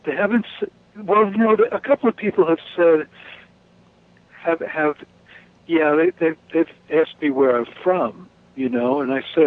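A man from New York calling in to a radio chat, talking in halting restarts with the odd chuckle. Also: a little high, lively intonation, creaky, dry recording. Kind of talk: casual phone-in chat. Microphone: telephone. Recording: dry tinny phone line.

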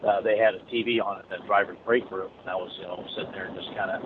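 A truck driver calls in for a casual chat, his low, steady voice moving at a quick pace. He rambles, stammers, and restarts his sentences often, coming through a narrow, tinny phone line with a faint hiss behind him.

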